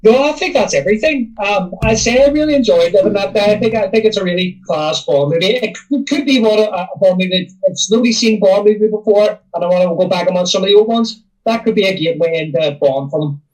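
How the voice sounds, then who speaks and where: A man co-hosting a film podcast, talking in a relaxed, meandering way. His voice sits high and sounds a little distant from the microphone. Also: quick pace, few pauses. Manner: relaxed, meandering, many fillers. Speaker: podcast co-host. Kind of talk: casual film chat.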